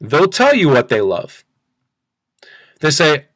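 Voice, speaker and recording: A man teaching a sales pitch in an upbeat, repetitive way, acting out both sides of a phone call. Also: wildly swooping pitch, slow, pauses often, fairly bright tone, dry recording. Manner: upbeat, repeats phrases, acts out phone dialogue. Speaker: sales coach. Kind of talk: screen-share training talk.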